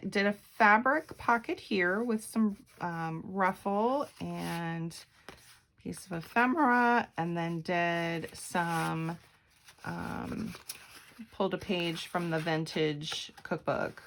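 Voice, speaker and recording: Woman craft vlogger, slow and chatty, low gravelly voice, faint hiss behind. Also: a bit bright. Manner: chatty, meandering, frequent ums and self-corrections. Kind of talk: casual craft flip-through.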